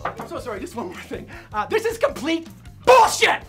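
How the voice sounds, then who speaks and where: A woman's voice: very high voice, big pitch swings, moderate pace, heavily acted. An actress playing an indignant woman demanding a retrial, in a comedy series outtake with music behind. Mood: protesting. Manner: indignant, protesting loudly.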